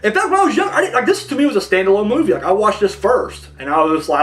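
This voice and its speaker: A man's voice: sits high, fast talker. A young man hosting a casual movie podcast, rambling and profane, acting out little scenes as he talks. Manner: rambling, profane, animated storytelling. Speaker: podcast host. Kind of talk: casual chat.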